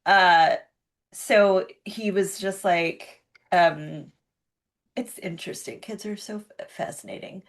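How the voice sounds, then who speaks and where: A woman's voice: lowish voice, takes it slowly. A middle-aged woman co-hosting a podcast, telling a rambling story full of fillers and restarts and swearing casually. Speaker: podcast co-host. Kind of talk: casual chat.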